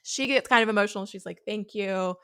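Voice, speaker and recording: A woman's voice: mid-range voice, fairly quick, smooth. A woman co-hosting a podcast, recapping a reality show in casual, chatty storytelling. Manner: chatty, animated storytelling with acted quotes. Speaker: podcast co-host.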